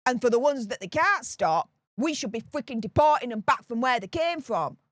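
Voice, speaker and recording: A woman's voice: a little high, animated, normal speed, fairly bright tone, dry recording, studio quality. A woman with a Northern English accent giving opinionated political commentary, ranting indignantly and repeating her points for emphasis.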